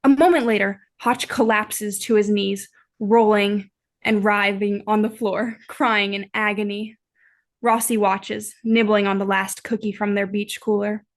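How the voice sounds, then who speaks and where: A woman's voice: medium pitch, level tone, unhurried. A woman from the United States reading aloud a short fan fiction her group wrote for a games night.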